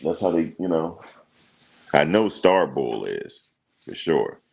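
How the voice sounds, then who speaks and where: A reaction streamer with a very deep, gravelly voice reads viewer comments at a slow pace. He keeps the banter relaxed and slangy, um-ing as he thinks out loud.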